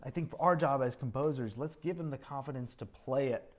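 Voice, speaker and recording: Man running a composition master class in a music school rehearsal room. His voice sits at a middle pitch. He is encouraging and sings out rhythms to show phrasing. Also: fairly quick. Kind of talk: coaching a student composer at a rehearsal.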